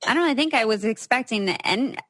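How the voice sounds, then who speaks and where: A woman's voice: on the high side, expressive, quick pace, a bit bright, dry recording. Young woman hosting, dry close sound. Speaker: podcast host. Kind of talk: casual chat.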